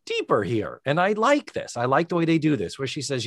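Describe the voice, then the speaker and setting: A man co-hosting a podcast, recapping a TV episode in casual chat with a wry, sarcastic, animated manner. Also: a little high, brisk, few pauses, no echo, clean studio sound. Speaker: podcast co-host.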